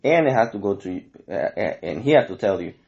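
A man's voice: fairly low pitch, expressive, a little fast, gravelly, a little mellow. A man in casual chat who tells stories animatedly, acting out the dialogue, swearing freely and slipping into Spanish phrases. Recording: dull lo-fi audio.

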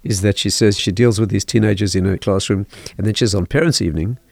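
An older man, a rabbi, explaining parenting calmly in a podcast interview and telling stories. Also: lowish voice, gravelly, no echo. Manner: measured, storytelling, chuckles at own anecdotes. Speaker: rabbi, guest teacher.

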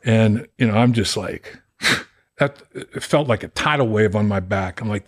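An older man in his sixties from Massachusetts, a podcast guest telling lively stories in casual chat and acting out the voices of the people he quotes. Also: medium pitch, normal speed. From Boston area, Massachusetts. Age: 60s. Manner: animated, acts out quoted voices, laughs while telling stories. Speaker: podcast guest, former pro football player. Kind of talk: casual storytelling.

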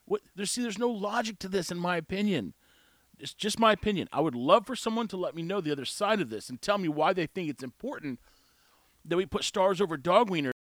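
A man's voice: fairly high pitch, fairly bright tone, no echo, clean studio sound. A man talking casually on his own, rambling, opinionated and laughing at his own jokes. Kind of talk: casual solo talk.

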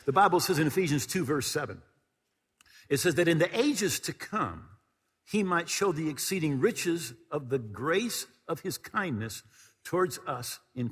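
Husky preacher in a reverberant hall. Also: male voice, fairly high pitch. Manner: emphatic preaching, repeats key phrases. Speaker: pastor. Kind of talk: sermon.

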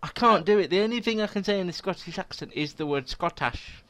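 A man's voice: high voice, animated, brisk, fairly bright tone. A man hosting a casual podcast, chatty and jokey, laughing often. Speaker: podcast host and website editor.

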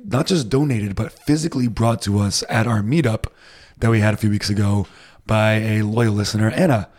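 A man's voice: fairly low pitch, moderate pace, darkish tone. A man from Rhode Island co-hosting a podcast, chatting casually and laughing often. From Rhode Island, United States. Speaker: podcast co-host. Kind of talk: casual chat.

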